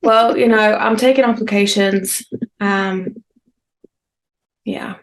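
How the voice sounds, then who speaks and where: A woman's voice: medium pitch, steady tone, slow pace. A woman co-hosting a podcast, chatting casually and rambling through funny stories with self-mocking humour. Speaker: podcast co-host. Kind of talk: casual chat.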